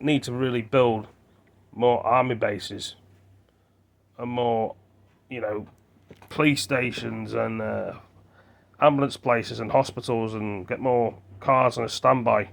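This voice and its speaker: A man's voice: medium pitch, fairly even intonation, slow, creaky, pauses often. Rambling man thinking aloud on his phone. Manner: meandering, thinking aloud with many fillers and restarts. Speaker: vlogger. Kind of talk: rambling casual monologue to camera.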